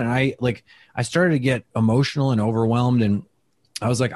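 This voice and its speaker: A man from Wisconsin, a comedian telling a story in an interview, animated and full of fillers and quoted asides. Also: mid-range voice, normal speed, dry recording. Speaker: comedian guest.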